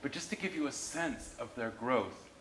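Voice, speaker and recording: A man's voice: mid-range voice, expressive, moderate pace, fairly bright tone, reverberant, slight background noise, rough recording. A man giving a university history lecture, emphatic and restarting his sentences as he explains.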